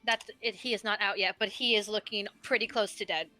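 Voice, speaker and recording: A woman's voice: mid-range voice, fairly even intonation, a little fast, sharp tone, faint music behind. A young woman narrating a tabletop game as the game master, playful and laughing easily.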